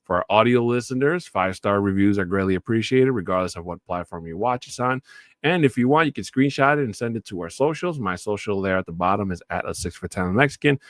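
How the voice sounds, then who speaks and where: A fairly low-voiced man runs a solo sports talk show in a loose, casual way, talking through the games as if to friends in chat. His shout-outs and sign-offs jump up in energy and volume. The sound is dry and close, with no room around it. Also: dry recording. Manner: casual and chatty, swells into loud enthusiastic shout-outs.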